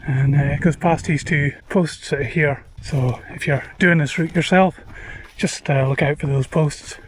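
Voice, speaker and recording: A man narrating his hill walk casually to the camera, relaxed and self-deprecating, pausing often on "uh" while outdoors on an open hillside. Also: on the high side, breathy edge. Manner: chatty, relaxed, self-deprecating, with frequent "uh" pauses. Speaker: hiking vlogger. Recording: outdoor recording with wind noise.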